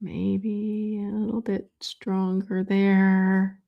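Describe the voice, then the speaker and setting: Slow, musing woman teaching drawing. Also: mid-range voice, little pitch movement, gravelly, highs cut off. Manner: slow, thinking aloud with fillers while drawing. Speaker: art teacher. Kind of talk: drawing tutorial.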